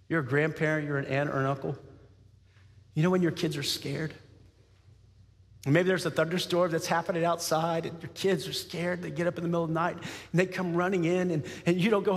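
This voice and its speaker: A man delivering a sermon to his congregation, his voice sitting high for a man. He tells the story vividly, switching into voices for the figures he quotes and laughing often. The sound carries a long hall reverb. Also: steady tone, moderate pace, pauses often. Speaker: pastor.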